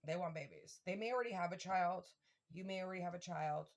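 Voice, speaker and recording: Woman, tarot reader, casual and excitable, curses a lot, talks right at the viewers. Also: lowish voice, fast. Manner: excitable, swears freely, addresses viewers directly. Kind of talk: casual tarot reading to camera.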